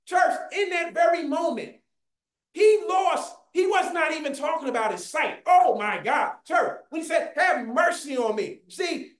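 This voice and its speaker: A preacher delivering a fervent sermon, often shouting and calling out to the congregation, recorded in a church. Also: extremely high pitch, animated, unhurried. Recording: echoey room.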